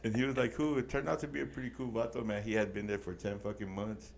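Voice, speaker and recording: A man's voice: on the low side, little pitch movement, fast, gravelly. A man co-hosting a casual podcast, telling a long story with plenty of slang and curse words, dropping Spanish words in. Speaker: podcast co-host.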